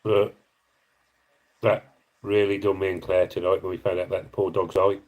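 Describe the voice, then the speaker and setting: A man's voice: deep voice, level tone, normal speed, darkish tone, poor audio. A middle-aged man on a casual live stream, earnestly and emotionally appealing for donations, rambling and apologising as he reads comments.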